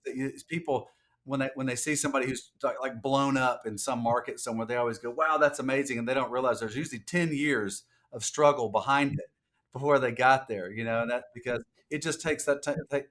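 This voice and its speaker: A man's voice: mid-range voice, fairly bright tone. A man hosting a podcast interview, reflecting at length before asking his questions. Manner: reflective, long rambling questions. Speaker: podcast host.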